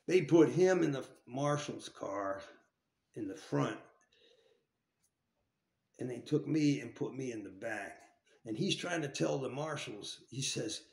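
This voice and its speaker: A man's voice: mid-range voice, expressive, measured pace, creaky, darkish tone, echoey room. A man casually telling a story from his time in jail, swearing freely and restarting his sentences often. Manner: profane and rambling with many restarts.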